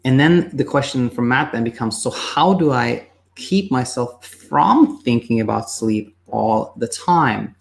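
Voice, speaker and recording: A male sleep coach talks through viewer questions in an unscripted, casual way. His voice has a gravelly, fry-tinged texture and sits at an ordinary middle pitch. He often stops and restarts, and now and then acts out the voices he quotes. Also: animated, measured pace, hardly any pauses. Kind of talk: answering viewer questions on video.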